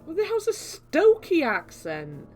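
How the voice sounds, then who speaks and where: A woman's voice: very high-pitched, wildly swooping pitch, a little slow, darkish tone, faint music behind. A woman from England streaming a video game, chatting casually and bantering in a teasing, playfully indignant way. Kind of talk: casual chat while playing a game.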